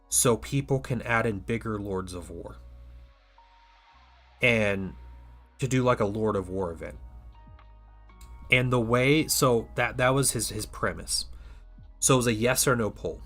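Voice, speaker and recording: A man's voice: mid-range voice, fairly bright tone. A man hosting a casual livestream while he paints miniatures, rambling and chatty with lots of restarts, and tired today.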